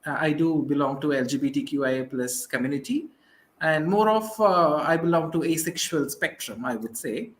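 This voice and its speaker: A man from India with an Indian accent, a guest in a casual interview, soft-spoken and hesitant with many fillers. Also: on the high side, moderate pace, reverberant, slight background noise.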